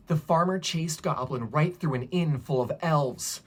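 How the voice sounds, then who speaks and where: A man's voice: fairly high pitch, normal speed, slightly rough. A man, a preschool drama teacher, telling an interactive children's story in a playful, exclamatory way, acting out running and gasping.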